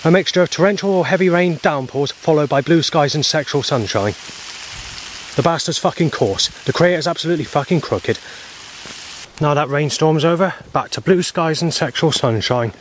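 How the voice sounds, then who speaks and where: A man's voice: fairly high pitch, moderate pace, slight background noise. Agitated swearing man filming outdoors. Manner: agitated, heavy swearing, aggrieved. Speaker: vlogger. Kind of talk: rambling outdoor video diary. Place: outdoors on a walk. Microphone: handheld camera he stops himself.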